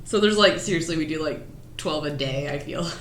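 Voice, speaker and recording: Chatty low-pitched woman podcaster. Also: fairly quick, background noise. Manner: chatty, rambling, swears casually. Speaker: podcast co-host. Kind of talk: casual chat. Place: studio. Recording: roomy studio sound.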